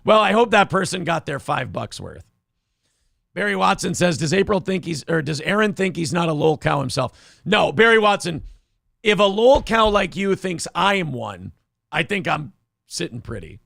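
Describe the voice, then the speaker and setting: A man's voice: a little high, sing-song, normal speed, creaky, fairly bright tone, dry recording. A man hosting a morning talk show, chatting casually in a sarcastic, mocking way into a studio mic. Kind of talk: casual chat.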